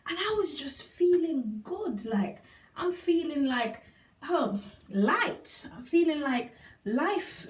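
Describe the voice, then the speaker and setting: A woman with a fairly high voice recounts her own experience in a casual testimonial vlog. She talks emphatically, leaning on repeated words and laughing now and then. She sits a little back from the microphone, so the sound is slightly distant. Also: a little mellow. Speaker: single mother sharing a product testimonial.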